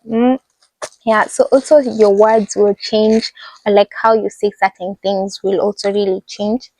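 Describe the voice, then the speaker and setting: Animated young Kenyan woman, slightly high voice. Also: measured pace, dry recording, poor audio. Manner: animated, acts out the people she describes. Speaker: international student vlogger. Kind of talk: casual storytelling vlog.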